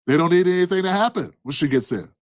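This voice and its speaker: A man's voice: high voice, animated, fast. A man hosting his own channel, giving impassioned political commentary full of repeated rhetorical questions. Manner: fervent, repetitive rhetorical questions, addresses a listener by name.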